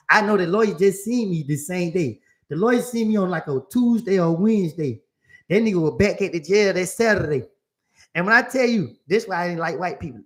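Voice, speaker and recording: A young man, telling a story to his chat in a casual, animated way and acting out the other people's voices. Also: on the high side.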